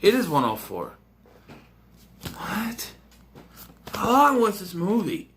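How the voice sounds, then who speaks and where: A man rambling excitably and jokingly through a casual movie review. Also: high-pitched, slow, slight background noise.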